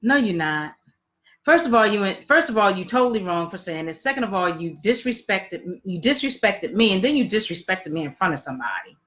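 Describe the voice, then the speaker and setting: A woman's voice: medium pitch, animated, brisk, fairly bright tone. A woman co-hosting a casual podcast chat, talking bluntly and emphatically and swearing freely. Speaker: podcast co-host.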